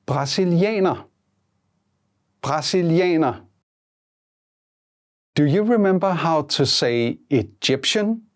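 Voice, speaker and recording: Slow, measured language-lesson voice. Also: mid-range voice, lively intonation. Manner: slow, measured prompts, repeating each word twice. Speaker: language teacher.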